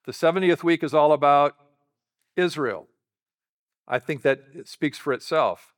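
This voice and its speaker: A man's voice: on the high side, unhurried. A man preaching a sermon, teaching in a conversational way and putting rhetorical questions to the congregation. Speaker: pastor.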